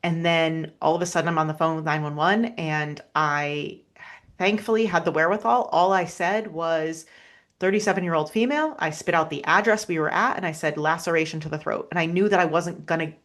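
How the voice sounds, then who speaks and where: A woman, a podcast guest, telling a personal story in an earnest, halting way, with many restarts and fillers. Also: deep voice, fairly even intonation, a bit bright.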